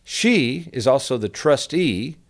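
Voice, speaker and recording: A man's voice: medium pitch, animated, takes it slowly. A middle-aged man hosting a radio advice show, talking casually and folksy, calling his listeners folks. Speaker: radio show host, annuity advisor. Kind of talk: casual financial advice talk.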